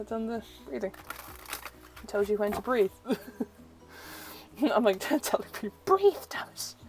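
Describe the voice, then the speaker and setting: The audio is poor as a young woman who reads tarot unboxes an oracle deck in a medium-pitched voice. She's chatty and effusive, delighted by everything and using "like" again and again.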